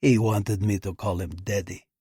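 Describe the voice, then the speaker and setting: A man voicing a huge, blunt Russian immigrant who speaks slowly and low with a heavy Russian accent. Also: fairly even intonation, warm tone, husky, no echo, clean studio sound. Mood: deadpan. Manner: slow, low, sneering.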